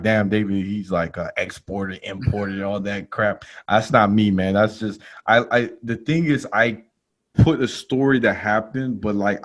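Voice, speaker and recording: A male podcast host telling a comic story in casual slangy talk, laughing along and jumping to loud exclaims when he quotes himself. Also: fairly low pitch. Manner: animated, jumps to loud exclaims in quoted lines.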